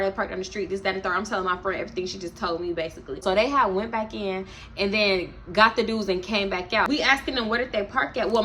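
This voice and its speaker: A young woman telling a story on her vlog in a casual, animated, profane way. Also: medium pitch, slight background noise. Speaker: storytime vlogger.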